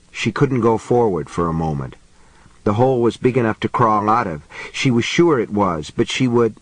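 Low-voiced male horror narrator. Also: dry recording. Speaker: audiobook narrator.

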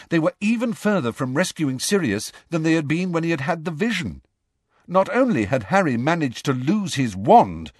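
Lively man narrating a storybook, expressive, close and dry. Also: on the high side, husky, no room sound. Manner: expressive, varied delivery. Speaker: audiobook narrator. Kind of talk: storybook reading with character voices.

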